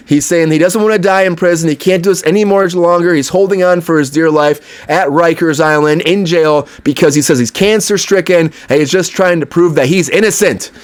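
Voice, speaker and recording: Guy doing celeb news chat, kinda high voice, lots of uh and you know, talks right at the viewers. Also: brisk, few pauses. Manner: chatty, opinionated, lots of fillers and asides to viewers. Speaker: entertainment news host. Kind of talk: casual celebrity news commentary.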